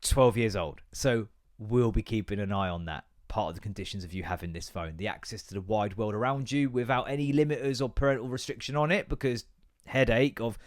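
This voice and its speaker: Man, podcast host, casual rant, swears a lot, animated, mid-pitched voice. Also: brisk. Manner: acts out both sides of conversations.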